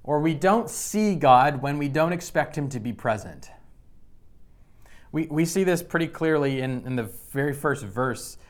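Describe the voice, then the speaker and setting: A man's voice: a little high, expressive, measured pace. A man preaching a sermon in a conversational way, often restarting and repeating words. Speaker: pastor.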